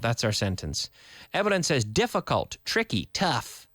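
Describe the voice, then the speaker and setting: Guy teaching english online, super animated pitch, repeats example lines, dry close sound. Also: no echo. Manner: explains slowly with repeated example sentences and Spanish glosses; reads out viewer comments and answers them. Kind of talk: live online English lesson.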